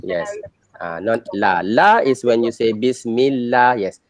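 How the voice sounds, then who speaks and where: This is a man at a middle pitch, teaching a reading lesson step by step. He repeats each sound patiently and checks his learners with quick questions. The recording is dry, with no room echo. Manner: patient, repeats each example several times and quizzes learners.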